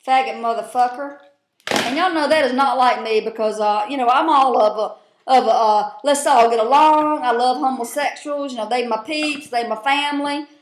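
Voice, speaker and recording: A woman's voice: high voice, normal speed, a little hiss or hum. A woman, recapping a TV show in a casual vlog, blunt and profane with lots of rambling fillers. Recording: roomy echo.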